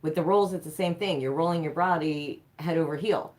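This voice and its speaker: A woman with a notably low voice talks fast on a casual live stream. She jumps in to finish her partner's thoughts and add her own advice. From United States. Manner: quick, chiming in to finish his sentences.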